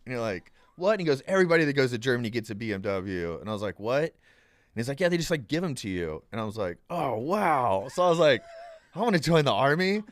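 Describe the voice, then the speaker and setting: A man's voice: mid-range voice, dry recording. A young man, a podcast guest, telling a story in a casual, rambling way, acting out the people in it and saying "dude" a lot. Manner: rambling and animated, acts out quoted voices, says "dude" often.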